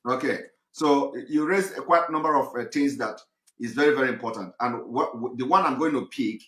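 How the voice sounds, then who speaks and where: Male host, medium pitch, bright tone, halting delivery, echoey room sound. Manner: hesitant, with many fillers. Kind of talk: talk show moderation. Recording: roomy echo.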